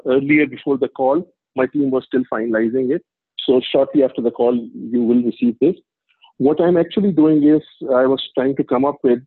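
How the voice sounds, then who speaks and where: Man presenting on a call, husky, hesitant and self-correcting, tinny line. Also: medium pitch, no echo. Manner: halting, self-correcting, many fillers. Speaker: meeting presenter. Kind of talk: online meeting update. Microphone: video call. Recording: tinny phone-like call audio.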